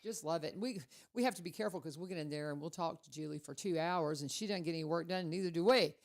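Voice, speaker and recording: A woman hosting a casual radio chat, telling stories in a chatty, animated way. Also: low-pitched, fast, gravelly. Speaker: radio host.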